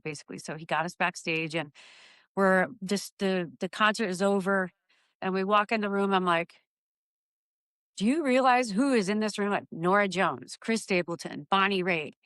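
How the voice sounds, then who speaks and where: A woman, a guest musician, telling a story in a chatty, excitable way. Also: lowish voice, smooth, dry recording, low-quality recording. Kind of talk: casual storytelling.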